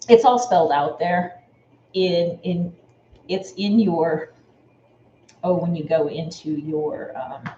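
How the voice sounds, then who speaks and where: A woman on a home live stream, chatting loosely and thanking viewers by name between stories. Her voice sits a little low for a woman. The room is echoey, with a faint hiss underneath. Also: mellow, dull audio. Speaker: sewing channel host. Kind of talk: casual live-stream chat.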